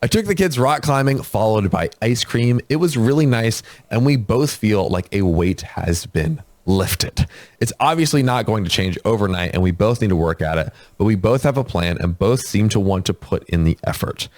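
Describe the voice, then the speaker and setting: Guy reading a reddit post out loud, voice jumps around a lot, dry close sound. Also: on the low side, lively intonation, normal speed, no room sound. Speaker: host reading posts aloud. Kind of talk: reading a post aloud with comments.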